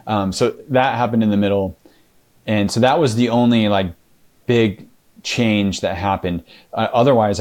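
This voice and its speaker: A man being interviewed, recounting his experience haltingly with many fillers and restarts and acting out past conversations. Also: on the low side, darkish tone. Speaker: interview guest. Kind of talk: casual storytelling interview.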